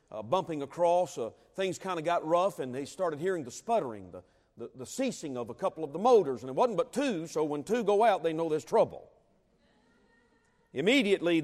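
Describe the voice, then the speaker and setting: A man preaches in a folksy, dramatic style, swinging into emphatic rises. His voice sits fairly high for a man. Long reverb rings out around him in a large hall. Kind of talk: sermon with a humorous story.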